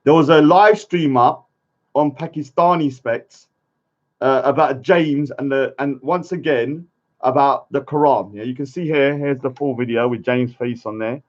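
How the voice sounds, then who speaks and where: Speaking to his camera at a measured pace, a vlogger with a middling-pitched voice offers casual commentary that rambles loosely and breaks off into muttered asides. The recording sounds dull and lo-fi.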